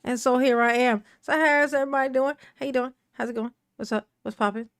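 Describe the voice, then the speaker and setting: A woman's voice: high-pitched, fairly even intonation, brisk, smooth, no room sound, clean studio sound. A woman hosting a casual livestream, greeting viewers by name in a playful, sing-song manner. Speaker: livestream host.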